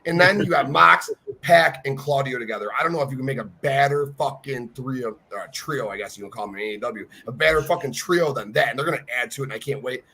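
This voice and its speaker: Husky, profane, fired-up man. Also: mid-range voice, fast talker, hardly any pauses, fairly bright tone. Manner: profane, passionate, gushing fan. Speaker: wrestling podcast co-host. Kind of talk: excited casual podcast chat.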